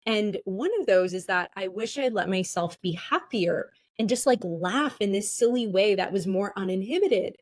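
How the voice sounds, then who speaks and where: Woman, podcast guest, earnest, reflective, casual chat, mid pitch. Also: animated, normal speed, hardly any pauses, dry recording. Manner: earnest and reflective, many "like" fillers. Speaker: guest who runs play sessions. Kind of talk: casual conversation.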